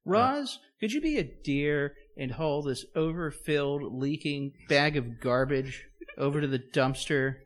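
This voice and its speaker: Brief: man playing a prissy posh man, high fussy voice, barking polite orders. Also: animated, unhurried. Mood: prissy, bossy. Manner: prissy, condescending requests.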